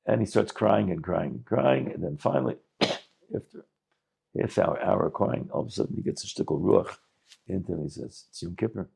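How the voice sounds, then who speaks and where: A rabbi giving a talk, telling a story in animated English sprinkled with Yiddish words and frequent restarts. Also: male voice, low-pitched, moderate pace, creaky, breathy edge.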